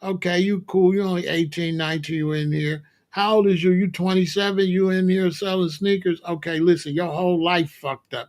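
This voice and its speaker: A man with a notably high speaking voice rants comically as the host of his own show. He talks in loud, slangy street talk, mocking and swearing freely as he lectures. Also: normal speed. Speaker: commentary host. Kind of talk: comedic rant.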